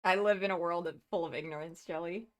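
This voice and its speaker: A woman's voice: fairly low pitch, fairly even intonation, fast. A woman streamer chatting casually on a live stream, gushing and rambling with many restarts and laughs.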